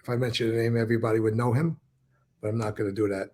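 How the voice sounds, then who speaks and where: Speaking very fast in a fairly low, darkish, level-toned voice, this older former mobster from New York recounts stories during a casual interview. He's gravelly and profane, voicing other people's lines as he goes.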